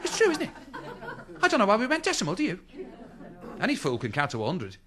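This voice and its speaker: A man's voice: high-pitched, huge pitch swings, quick pace, a crowd in the background. A middle-aged man doing a stand-up routine, chatting to the audience and throwing them rhetorical questions. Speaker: stand-up comedian. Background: audience laughter.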